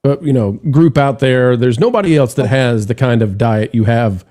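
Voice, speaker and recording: A man's voice: medium pitch, moderate pace, dark tone. A man hosting a casual online panel show, teasing his guests in playful banter. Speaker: host.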